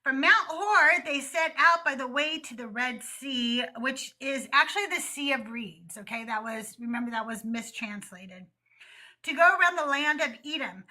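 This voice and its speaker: High bright-voiced woman reading with sarcastic asides. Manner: laughs often, sarcastic asides. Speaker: host of a call-in show. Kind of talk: live-stream Bible reading with commentary.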